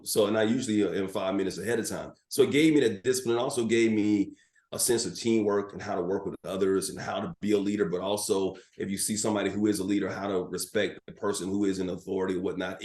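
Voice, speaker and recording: Low-voiced man telling lively stories. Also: fast talker. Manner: animated anecdotes with filler words. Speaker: sports broadcaster, guest. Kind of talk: storytelling in a podcast interview. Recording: roomy echo.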